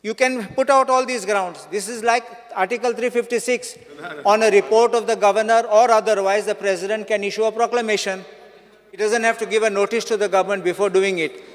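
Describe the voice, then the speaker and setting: A man's voice: sits high, fairly even intonation, fairly quick. A man, a legislator and advocate, raising formal objections in a debate and citing statutes, dates and constitutional articles. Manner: legalistic, cites statutes and dates. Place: legislative assembly hall. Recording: long reverb in assembly chamber.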